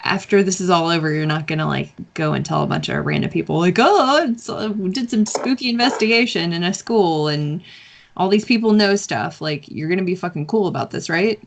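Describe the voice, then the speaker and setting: A woman's voice: lowish voice, a little fast, creaky. A woman playing in a tabletop horror game, speaking in character in a blunt, sweary way. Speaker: player.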